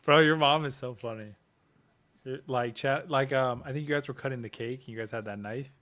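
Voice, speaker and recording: Male co-host, quiet casual recounting, mid-pitched voice. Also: brisk. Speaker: podcast co-host. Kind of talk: casual chat.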